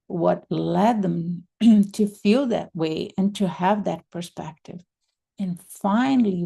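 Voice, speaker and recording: A woman mediation trainer giving a training lecture, explaining in a measured, methodical way. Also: fairly low pitch, creaky, warm tone, slightly rough.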